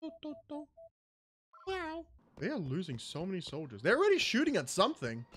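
Excitable man in panicky game commentary. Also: high-pitched, fast talker, slight background noise. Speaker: gaming channel host. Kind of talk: gameplay commentary.

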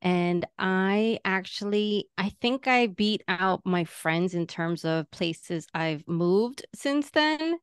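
A woman in her forties from Queens, New York, with a mild Latina-tinged New York accent, speaking as an animated, effusive podcast guest. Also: medium pitch, smooth, dry recording. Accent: New York with a slight Latina tinge. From Astoria, Queens, New York. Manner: animated, effusive, quick to laugh. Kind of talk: casual interview conversation.

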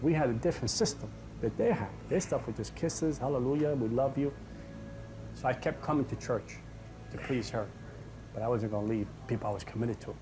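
A man's voice: mid-range voice, fairly quick. A man giving an earnest, dramatic personal testimony about his past. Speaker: testimony speaker. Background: music.

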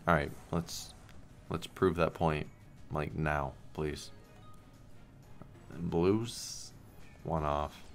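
Low-voiced man cursing at a slot game. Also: steady tone, very slow, long pauses, faint music behind. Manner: swears and pleads at the game, frustrated and sarcastic. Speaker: slot streamer. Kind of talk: casual gambling stream commentary.

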